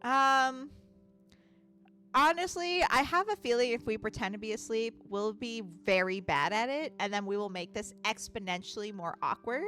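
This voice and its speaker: Bright, lively woman streamer chatting. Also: on the high side, moderate pace, faint music behind. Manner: chatty, swears freely, laughs often. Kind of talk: casual gaming commentary.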